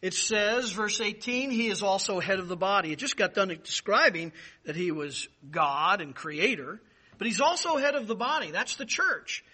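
Emphatic high-voiced male preacher. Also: animated, normal speed, bright, forceful tone, slightly rough. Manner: emphatic, repeats key words, rises for stress. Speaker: pastor. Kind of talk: expository sermon.

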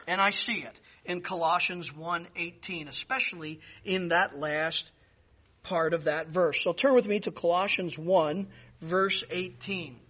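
Emphatic high-voiced male preacher. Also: sharp tone, husky. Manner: emphatic, repeats key words, rises for stress. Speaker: pastor. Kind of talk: expository sermon.

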